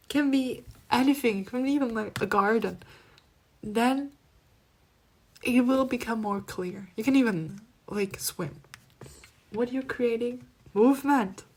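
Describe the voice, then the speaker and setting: Soft-spoken woman giving a spiritual card reading. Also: fairly high pitch. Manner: soft-spoken, drifting between near-whispers and laughing outbursts. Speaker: tarot reader.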